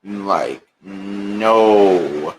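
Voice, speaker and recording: A man hosting a casual livestream, chatting and ranting in an animated, exasperated way. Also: deep voice, very slow, husky. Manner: animated, exasperated rants with bursts of singing. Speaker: livestream host.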